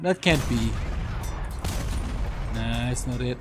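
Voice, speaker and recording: A young man chatting through a live game stream, rambling about his play and breaking into sudden excited shouts. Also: mid-range voice, normal speed, noisy background. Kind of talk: live gameplay commentary.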